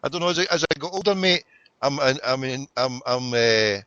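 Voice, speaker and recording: Sweary Glaswegian man, bright lo-fi sound. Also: mid-range voice, expressive, normal speed, no echo. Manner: sweary, says "mate" a lot. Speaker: podcast host. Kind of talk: casual chat. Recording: dull lo-fi sound.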